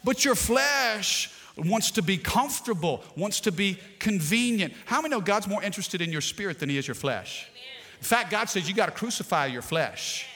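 A man's voice: sits high, lively intonation, normal speed, pushed and bright. A male pastor preaching a sermon, calling out to the congregation and slipping in playful jokes. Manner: preachy call-and-response, playful asides. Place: church sanctuary. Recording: long hall reverb.

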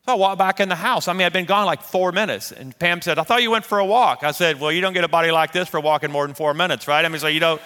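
A man preaching a sermon, telling a personal story in a lively, animated way and acting out the voices of the people in it. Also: fairly high pitch, fast talker, hardly any pauses. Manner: animated, acts out quoted voices. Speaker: pastor. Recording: long reverb of a large hall.

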